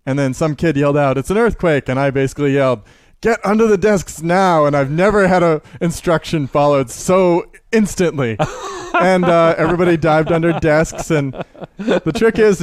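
A man from the Seattle area who works as a teacher and maker, chatting casually in an interview, telling lively stories that he acts out, with frequent laughter. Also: medium pitch, no echo, studio quality. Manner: animated storyteller, laughs often, acts out quotes.

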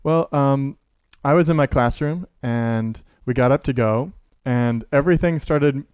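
A man from the Seattle area who works as a teacher and maker, chatting casually in an interview, telling lively stories that he acts out, with frequent laughter. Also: mid-range voice, a little slow, clear, resonant tone, no echo, studio quality. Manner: animated storyteller, laughs often, acts out quotes.

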